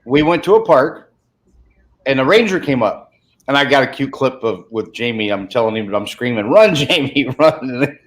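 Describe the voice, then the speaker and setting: A man with a voice of medium pitch chats casually as a guest on a livestream. He tells his anecdotes in a relaxed way, with a chuckle here and there. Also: normal speed. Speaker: guest on a chat stream. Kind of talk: casual chat.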